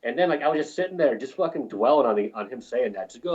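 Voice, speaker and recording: A man's voice: medium pitch, expressive, fast talker, darkish tone, lo-fi sound. Profane, rambling male film crew storyteller. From New Mexico. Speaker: film crew lighting technician, guest. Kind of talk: casual storytelling interview.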